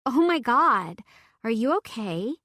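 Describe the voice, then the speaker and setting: A woman's voice: a little high, lively intonation, normal speed, fairly bright tone, dry recording, clean studio sound, voice pushed up. A woman voicing a bubbly college girl. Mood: worried. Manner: bubbly and gushing. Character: upbeat chatty college girl.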